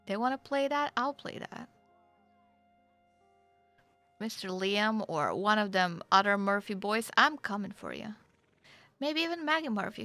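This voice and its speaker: A woman's voice: mid-range voice, measured pace, no room sound, soft background music. A woman streaming a roleplay game, chatting casually and swearing freely while she plays. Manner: chatty, excitable, swears freely, laughs often.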